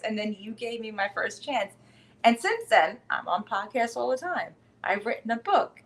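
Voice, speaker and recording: A woman with a New York accent, a wellness coach, chatting as a podcast guest in an animated, rambling way with frequent laughs. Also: fairly high pitch, moderate pace. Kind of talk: casual interview chat.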